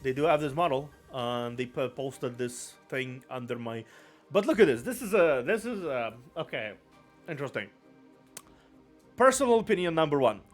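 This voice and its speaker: A man's voice: medium pitch, lively intonation, normal speed, faint music behind. A man streaming live, giving casual, rambling commentary and often repeating his own phrases.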